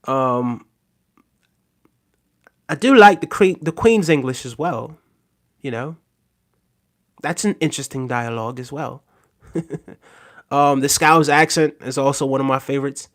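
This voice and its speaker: A man of mid-range pitch talks to his livestream viewers. His talk is casual and rambling. He repeats phrases, fills gaps with "um" and keeps checking "right?". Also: measured pace, long pauses. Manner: repeats himself, asks "right?" often, many fillers. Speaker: livestream host reading viewer comments.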